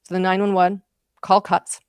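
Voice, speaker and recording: A woman's voice: medium pitch, monotone, normal speed, clear, resonant tone, no echo. A woman commentating on a trial, recounting events in vivid, emotional detail. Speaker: true crime commentator.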